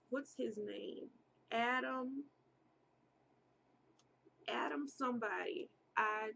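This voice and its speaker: A woman's voice: a little high, gravelly, lo-fi sound, a little hiss or hum. A woman casually telling a personal story to viewers, chatty, repeating herself and speaking straight to her audience.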